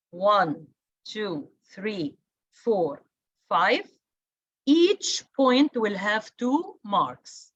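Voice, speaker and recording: A woman's voice: mid-range voice, dry recording, muffled recording. A woman teacher giving a class lecture, stressing and repeating key words, with many fillers.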